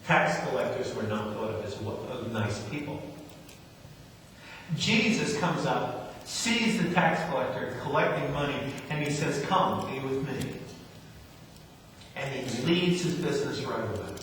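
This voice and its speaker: A man's voice: mid-range voice, fairly bright tone, slight background noise. Echoey far-off male preacher. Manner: storytelling preacher, repeats phrases for emphasis. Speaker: pastor. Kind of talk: sermon. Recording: echoey hall, mic from far off.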